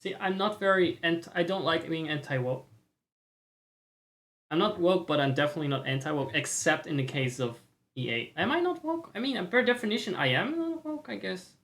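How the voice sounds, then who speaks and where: A man's voice: a little high, expressive, moderate pace, fairly bright tone. A man streaming live and reacting to a game trailer, ranting with opinions, swearing and mocking voices.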